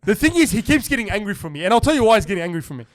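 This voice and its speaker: Fast-talking young guy telling stories. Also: high voice. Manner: animated storytelling, acts out other people's lines, swears freely. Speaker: podcast host. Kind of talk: casual podcast chat.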